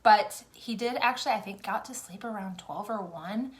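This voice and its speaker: A woman's voice: medium pitch, moderate pace. A young woman chatting casually to viewers as a makeup vlogger, rambling and venting with lots of fillers.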